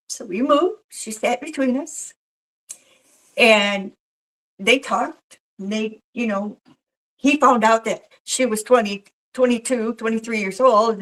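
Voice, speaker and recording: A woman who works as a professional Mrs. Claus, sharing a story in a relaxed interview. Her voice sits a little high. She tells it with life and slips into the voices of the people she describes. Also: measured pace, low-quality recording. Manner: animated storyteller who acts out quoted voices.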